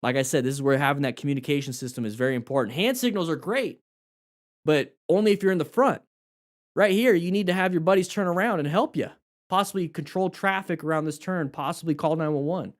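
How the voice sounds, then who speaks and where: A man teaching motorcycle safety, commenting on a crash video in a lively way and asking questions. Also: a little high, quick pace. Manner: animated, acts out rider dialogue and questions.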